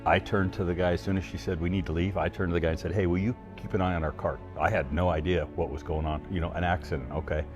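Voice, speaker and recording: A man in a documentary interview, recalling events quietly. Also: low-pitched, steady tone, fast, few pauses, over music.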